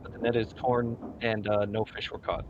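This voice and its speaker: A man narrating a tabletop game as game master, in a slow, halting way with many fillers. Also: fairly low pitch, level tone. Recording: dull lo-fi recording with faint noise.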